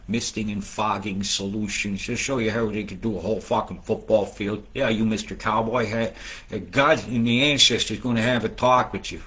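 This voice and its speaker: A man's voice: fairly low pitch, husky. Profane man ranting about weather. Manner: profane, animated, swings between loud outbursts and muttering. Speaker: weather video host. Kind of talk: casual rambling weather commentary.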